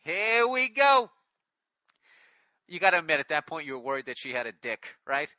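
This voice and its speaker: A man's voice: mid-range voice, quick pace, bright, forceful tone, dry recording. Sarcastic, profane man reading emails aloud. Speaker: podcast host reading listener emails. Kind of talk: casual comedic podcast banter.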